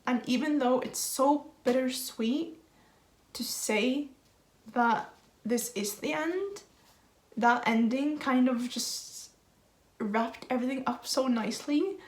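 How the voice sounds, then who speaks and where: Young woman, book vlogger, emotional and gushing, higher voice, echoey room sound. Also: measured pace. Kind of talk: casual vlog talk to camera. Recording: roomy echo.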